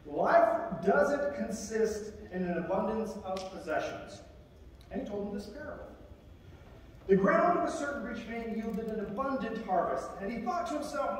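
Man, chaplain preaching, high voice, conversational sermon, acts out quotes, distant mic in a very echoey chapel. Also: animated, normal speed, slight background noise. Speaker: military chaplain. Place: large chapel.

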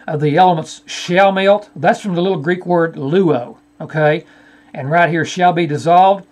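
A man teaching from a shared screen, arguing a scripture point and addressing his opponent directly. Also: high-pitched. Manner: argumentative, repeatedly addressing an opponent by name. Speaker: Bible teacher. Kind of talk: screen-share Bible study rebuttal.

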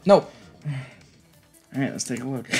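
A woman talks through a story game with a voice that sits low for her sex. Her pitch leaps around widely as she reads lines aloud and swears freely, loudly frustrated at the game. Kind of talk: let's play commentary.

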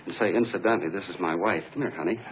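An actor playing a folksy, rambling soda-fountain clerk. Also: male voice, deep voice, very fast, lightly acted. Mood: earnest. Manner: rambling, homespun storytelling. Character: chatty middle-aged male soda-fountain clerk, earnest and folksy. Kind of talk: 1940s film acting. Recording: dull 1940s film soundtrack with faint hiss.

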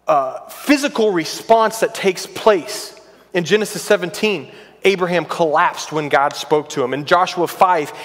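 A pastor preaching a sermon in a church, earnest and emphatic, building intensity on repeated phrases. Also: male voice, high voice, fairly bright tone. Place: church sanctuary. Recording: long reverb of a large church hall.

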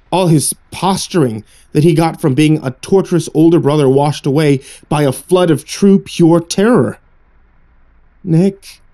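Mellow male horror narrator. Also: medium pitch. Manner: hushed, suspenseful storytelling. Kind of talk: scripted narration.

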